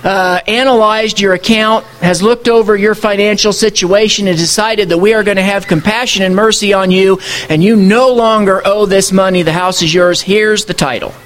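A man's voice: high voice, steady tone, normal speed, fairly bright tone, a little hiss or hum. A man preaching a sermon, working through scripture verse by verse in a conversational tone and asking his listeners rhetorical questions. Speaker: pastor.

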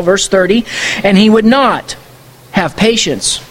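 Male pastor, high voice, conversational sermon full of rhetorical questions. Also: measured pace.

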